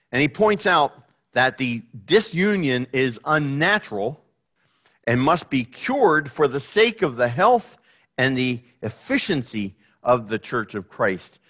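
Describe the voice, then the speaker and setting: A man preaching a sermon, speaking in a halting way with many fillers and restarts. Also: medium pitch, fairly bright tone. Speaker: pastor.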